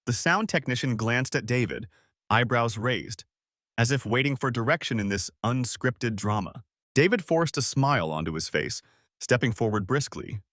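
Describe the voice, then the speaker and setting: A man narrating a dramatic story in a scripted, expressive reading. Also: medium pitch, normal speed, dry recording, studio quality.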